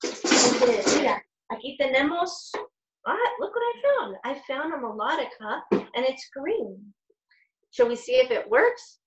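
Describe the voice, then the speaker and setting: A woman's voice: high voice, sing-song, measured pace, far from the mic. A woman children's music educator from Los Angeles, leading a bilingual lesson that mixes talk and song, upbeat and coaxing as she moves between English and Spanish. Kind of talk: bilingual kids' music lesson, talking and singing. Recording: roomy home stream with guitar and keyboard music.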